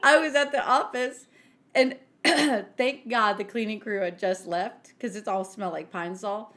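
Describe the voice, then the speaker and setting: A woman co-hosting a podcast, telling self-mocking stories in an animated casual chat. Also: mid-range voice, moderate pace. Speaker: podcast co-host.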